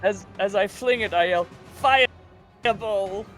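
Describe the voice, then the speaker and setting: Playful higher-voiced male player. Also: animated, unhurried, soft background music. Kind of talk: casual tabletop play.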